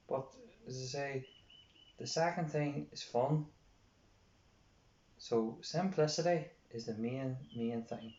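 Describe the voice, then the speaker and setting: A man's voice: medium pitch, a little mellow. An Irish man coaching others, talking earnestly and repeating his points for emphasis. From Ireland. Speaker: youth sports coach. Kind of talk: informal coaching talk. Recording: roomy, dull lo-fi sound.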